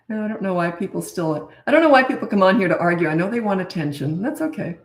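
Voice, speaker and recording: A middle-aged woman answers viewers' parenting questions in a chatty, straight-talking way, often restarting her sentences. Her voice is mid-pitched. It bounces around an echoey room, and she sits back from the microphone. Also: animated, brisk, distant mic. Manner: blunt and frank, chatty with restarts. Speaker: parenting coach.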